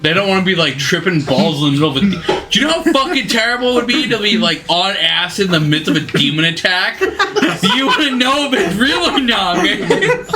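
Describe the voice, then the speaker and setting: A man chatting as a player in a tabletop game, animated, swearing and laughing. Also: high voice, brisk, noisy background. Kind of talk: casual tabletop game chat. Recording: clear music in background.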